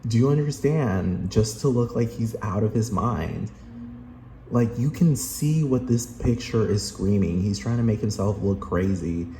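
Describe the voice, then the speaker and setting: Low-voiced man ranting profanely. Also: lively intonation, unhurried, dark tone. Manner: emphatic, rambling, repetitive. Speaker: vlogger. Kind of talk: profane rant. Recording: roomy echo, faint hum.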